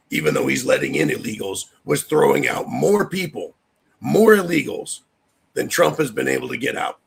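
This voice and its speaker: A man's voice: mid-range voice, creaky, a bit bright, husky. A man hosting a livestream, delivering a heated, profane political rant and talking straight to chat viewers. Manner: addresses chat viewers directly. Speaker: livestream host.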